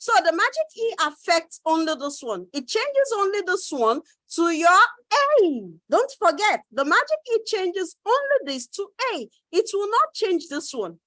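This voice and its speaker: A woman teaching children phonics in an online class, cheerful and coaxing, repeating words slowly for them to echo. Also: very high voice, sing-song, fairly bright tone. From Nigeria. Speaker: reading teacher. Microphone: close mic in a virtual class.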